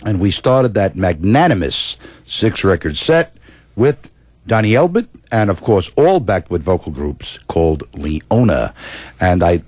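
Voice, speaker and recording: A man's voice: sits low, big pitch swings, measured pace, a little mellow, dry recording. A man co-hosting an oldies radio show, chatting casually and sending personal dedications to listeners.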